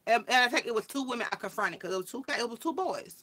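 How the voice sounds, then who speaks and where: A woman tells a story straight to her viewers, bright and forward in tone. She jumps into the voices of the people she quotes and keeps the telling animated from line to line. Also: a little high, fast talker. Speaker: vlogger. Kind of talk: casual storytime chat.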